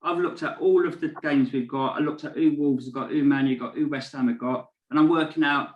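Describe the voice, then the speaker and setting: A man's voice: a little high, steady tone, a little fast, highs cut off. Male host, meandering questions, roomy echoey sound. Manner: rambling, hesitant questions with fillers. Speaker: podcast host. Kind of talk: casual podcast interview. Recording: echoey room.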